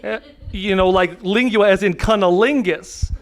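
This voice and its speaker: Speaking a little slowly in a high voice, an American comedian performs live for an audience. He's crude and brash, cutting off his own thoughts, as laughter interrupts over the mic.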